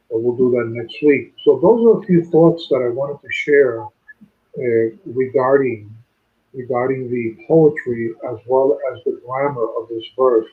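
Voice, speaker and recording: A man teaching a Bible study, explaining grammar methodically and slowing down to sound out words. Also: medium pitch. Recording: tinny phone-line sound.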